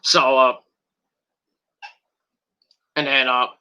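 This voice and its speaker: A man's voice: medium pitch, flat delivery, very slow, bright, forceful tone, clean tone. A man recapping and reviewing a wrestling event in a casual, rambling way, with lots of fillers, restarts and swearing.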